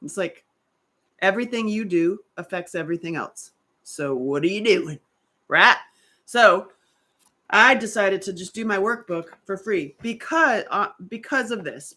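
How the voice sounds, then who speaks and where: Bright-voiced rambling woman. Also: medium pitch. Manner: rambling, animated, self-interrupting. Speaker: author and survivor advocate. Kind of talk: casual livestream talk.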